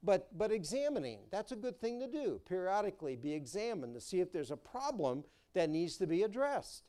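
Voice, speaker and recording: A man's voice: high voice, sing-song, a little fast, dark tone. A man preaching a sermon as pastor, folksy and storytelling. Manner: folksy, storytelling, repeats words.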